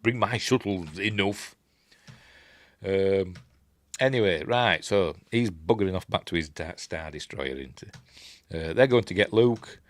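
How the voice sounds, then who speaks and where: A man's voice: deep voice, lively intonation, moderate pace, no room sound, clean studio sound. A man with a Yorkshire accent giving a casual, rambling film commentary, full of chuckling asides and playful character impressions. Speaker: film reviewer.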